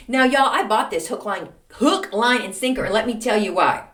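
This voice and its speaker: A woman hosting a podcast, telling a long story in a chatty, animated way with lots of fillers and acted-out dialogue. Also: fairly high pitch, normal speed. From Texas. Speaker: podcast host. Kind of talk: casual storytelling monologue. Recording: roomy, a little distant from the mic.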